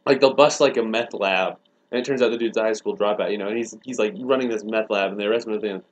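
A man's voice: lowish voice, fast talker, rough recording. Wry rambling man in casual chat. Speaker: podcast co-host.

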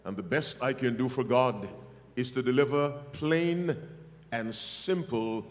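A man's voice: mid-range voice, a little slow, big-room sound. A man preaching a revival sermon to a congregation, emphatic and calling for their responses. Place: church hall.

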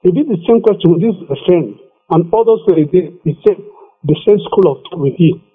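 Emphatic preacher on a tinny phone line. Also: male voice, high voice, expressive, brisk, husky. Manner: emphatic, repeats scripture. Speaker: evangelist. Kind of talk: radio preaching.

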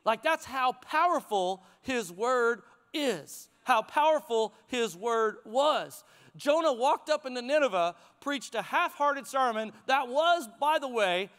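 Pastor, male, very high resonant voice, dynamic preaching in a reverberant hall. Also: measured pace. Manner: animated preaching, rising to near shouts then dropping to hushed tones. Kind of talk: sermon.

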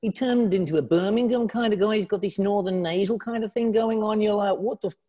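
A man with a southern English accent, a company founder chatting as a guest in an interview over a video call, talkative and quick to laugh. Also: sits high, mellow. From south of England. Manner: chatty, laughs easily, frequent restarts. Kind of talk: casual interview chat.

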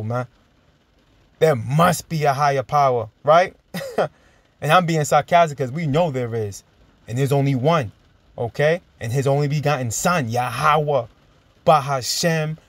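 A man preaching and teaching from scripture, emphatic and chuckling, drawing out verses slowly as he reads. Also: on the high side, no room sound. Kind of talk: sermon-style Bible teaching.

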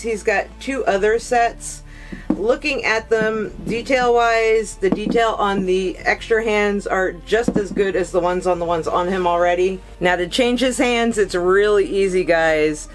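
On a low-quality recording, a collectibles reviewer with a mid-range voice unpacks a collectible figure. Her unboxing vlog is gushing and emotional, spoken straight to her viewers.

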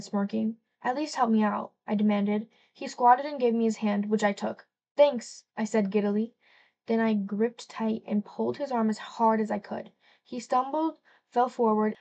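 Woman audiobook narrator, high and mellow, expressive first-person novel reading, slightly dull lo-fi home recording.

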